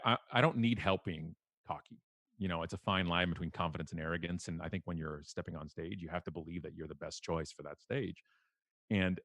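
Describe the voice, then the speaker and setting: Low-voiced man telling stories animatedly. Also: no room sound. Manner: animated, self-mocking, swears casually. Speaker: keynote speaker guest. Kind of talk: casual storytelling on a podcast.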